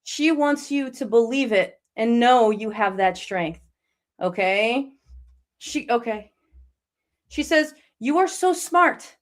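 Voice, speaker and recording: A woman with a high voice hosts a live psychic reading show. She talks to her guests in a reassuring, encouraging way. She speaks informally and chattily. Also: takes it slowly, pauses often. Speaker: psychic medium host.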